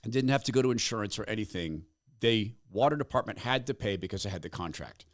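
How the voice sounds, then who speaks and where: A man's voice: lowish voice, lively intonation, fast talker. A middle-aged man hosting a podcast, telling a story in a casual monologue and acting out the people he quotes. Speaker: podcast host.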